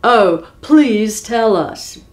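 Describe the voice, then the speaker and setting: A woman voicing a clumsy, greedy giant man who shouts blunt demands in a storybook reading. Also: a little high, very slow. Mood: shouting.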